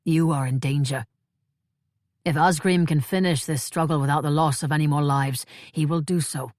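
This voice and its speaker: A grave, calm monk, as a woman reads him. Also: low voice, no echo, studio quality, lightly acted. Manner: measured, solemn. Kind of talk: audiobook character voice.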